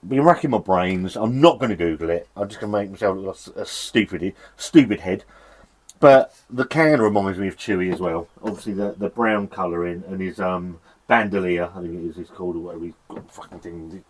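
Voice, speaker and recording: A low-voiced Englishman reviews a beer while shivering in a cold shed, talking at normal speed over a slight hiss or hum. He's chatty and sweary, rambling along and laughing at himself.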